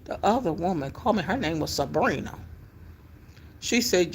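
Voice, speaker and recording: A middle-aged woman, telling a personal story in a casual, animated way with emphatic exclamations. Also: lowish voice, normal speed, long pauses, slight background noise. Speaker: vlogger telling her life story.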